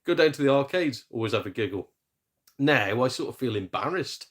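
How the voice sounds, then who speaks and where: A man's voice: mid-range voice, lively intonation, brisk. Male stream host, middle-aged, casual sarcastic rant, mocks others with put-on voices. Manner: exasperated, sarcastic, mimics people in silly voices. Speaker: gaming channel host.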